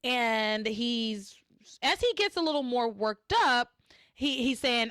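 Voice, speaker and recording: A woman's voice: on the high side, expressive, slow, fairly bright tone, clean tone, dry recording, clean studio sound. A woman podcast host in casual chat, animatedly retelling scenes and acting out the quotes.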